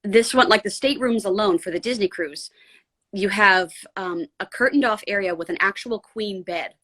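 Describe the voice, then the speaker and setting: A woman's voice: medium pitch, moderate pace, a bit bright. Woman guest, voice actor from San Diego, casual and chatty. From San Diego, USA. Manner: chatty, many "like" fillers. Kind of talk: casual podcast chat.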